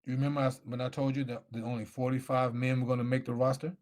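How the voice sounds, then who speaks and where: A man's voice: medium pitch, flat delivery, quick pace, darkish tone. A middle-aged man telling his story animatedly in a live Q&A, acting out the voices of people he quotes. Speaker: guest speaker.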